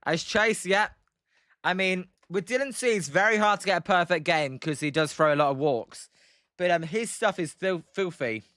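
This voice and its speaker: A high, bright-toned British man calls the game pitch by pitch on a casual live stream. His voice is smooth and clear, and he keeps chatting with viewers between plays. The sound is close and dry. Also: moderate pace, no echo. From Britain. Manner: chatty, answers viewers' chat messages between pitches, many fillers. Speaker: live stream play-by-play host. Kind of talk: casual live play-by-play commentary.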